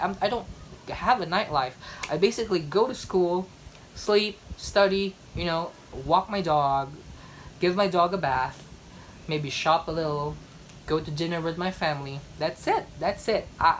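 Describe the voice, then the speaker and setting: This rough recording, with slight background noise, captures a young Filipina vlogger whose voice sits lowish. Her casual chat is talkative and emphatic, with frequent repetition for effect.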